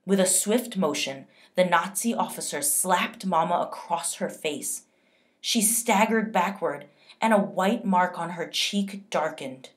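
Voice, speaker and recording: A woman teacher narrating a novel for her young class. She reads slowly and expressively in a somewhat low voice. She stops now and then to pose questions to her readers. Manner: slow, expressive read-aloud with pauses to question readers. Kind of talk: reading a novel aloud to children.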